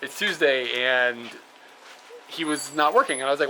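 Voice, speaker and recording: A young man at medium pitch and normal speed talks casually to his camera outdoors as a travel vlogger by roads and rest stops. He rambles with fillers and laughs a lot over clear traffic noise in the camera audio.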